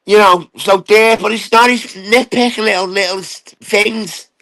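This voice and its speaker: A man with a fairly high, bright voice rants unscripted on a live stream, calling out and mocking someone who is not there. His comes through as he swears, repeats himself and takes his time. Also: fairly even intonation, a little slow, rough recording. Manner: taunting, profane and rambling. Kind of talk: ranting casual live stream.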